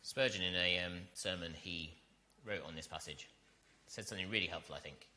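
A man preaching a sermon, earnest and direct, asking his listeners questions and building to loud, emphatic peaks. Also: low voice, brisk. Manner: asks the congregation rhetorical questions.

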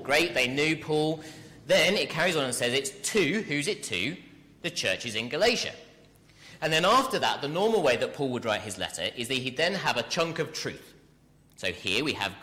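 A man preaching a sermon, animated and speaking directly to his congregation in a church. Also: medium pitch, long reverb tail. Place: church hall.

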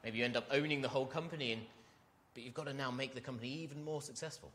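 A man's voice: medium pitch, steady tone, rapid-fire, fairly bright tone, a little hiss or hum. A man preaching a sermon, talking conversationally and asking his listeners questions. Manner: conversational, asks the congregation questions.

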